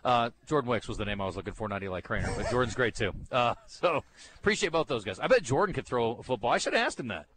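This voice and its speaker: Fast-talking bright-voiced male radio host. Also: mid-range voice, lively intonation. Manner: easygoing, quick banter. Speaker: radio sports talk host. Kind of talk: casual radio chat. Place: bookstore, live broadcast.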